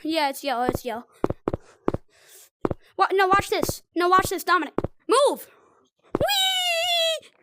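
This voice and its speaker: A young woman streaming a VR game, giving excitable play-by-play commentary to her chat and a friend, often shrieking, laughing and trash-talking. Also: extremely high pitch, normal speed, pauses often, noisy background. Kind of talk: live gameplay commentary.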